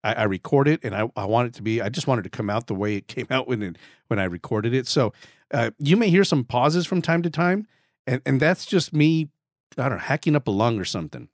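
Chatty man host with a raspy throat. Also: mid-range voice, lively intonation, fairly quick, no echo, clean studio sound. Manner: chatty, repeats words, self-deprecating jokes. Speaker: podcast host. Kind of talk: casual podcast monologue.

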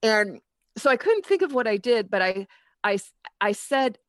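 A woman's voice: on the high side, big pitch swings, normal speed, no room sound, clean studio sound. A middle-aged woman who teaches parenting, chatting casually and acting out her own lines and her child's as she tells a story. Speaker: parenting educator. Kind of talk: casual chat.

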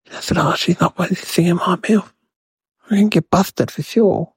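A man's voice: high voice, normal speed, breathy edge, dry recording. A man voicing a mischievous, chatty young boy who rambles to the viewers in a comedic monologue. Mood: rambling. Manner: rambling, addresses viewers as guys.

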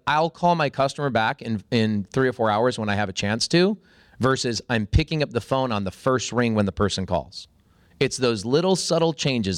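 A man in his forties, a podcast guest, telling a story with animated energy and a voice that jumps up when excited. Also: medium pitch, no echo, studio quality.

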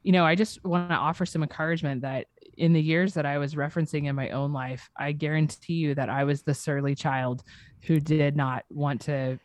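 A woman's voice: deep voice, steady tone, fairly quick, no room sound. Earnest mother sharing faith tips. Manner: earnest, encouraging, chatty with fillers. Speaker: author guest. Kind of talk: casual interview chat.

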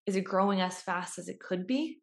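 A young woman giving a casual motivational talk, chatty, acting out everyday scenes with quick voice changes. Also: mid-range voice, vocal fry. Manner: chatty, acts out little scenes with quick voice shifts.

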